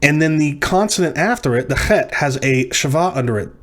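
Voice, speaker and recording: A man's voice: fairly high pitch, animated, a little fast, fairly bright tone. A man teaching a lecture on syllabification, working through words methodically and correcting himself as he goes. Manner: methodical, self-correcting explanations.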